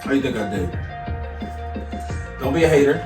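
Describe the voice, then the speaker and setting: A man's voice: medium pitch, animated, normal speed, recorded from a distance. A man chatting casually and joking while he cooks on a show in a home kitchen. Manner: joking, playful. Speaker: cook on a show, host's brother. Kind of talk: casual chat while cooking. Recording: echoey room with music behind.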